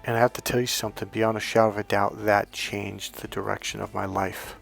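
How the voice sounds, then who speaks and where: A man's voice: on the low side, level tone, a little fast, vocal fry, soft background music. A middle-aged man giving dating coaching and telling a personal story in an earnest, emphatic way, sometimes acting out what others said. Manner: earnest, emphatic, acts out quotes.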